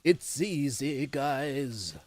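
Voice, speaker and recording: A man doing an exaggerated impression of a rock star, drawing out his words in a slow sing-song croon about love. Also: medium pitch, animated, soft background music. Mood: dreamy. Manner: drawn-out, sing-song delivery.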